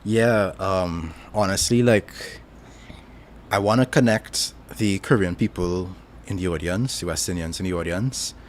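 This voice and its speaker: A man's voice: low voice, a little slow, slight background noise. A Trinidadian man casually chatting with his stream audience, rambling and thinking aloud with lots of filler words. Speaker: streamer answering chat. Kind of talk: casual chat.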